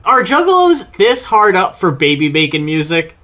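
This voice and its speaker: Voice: medium pitch, very animated, moderate pace, a bit bright. A co-host on a casual album review podcast, giving blunt, dry opinions. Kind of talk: casual comedic review chat.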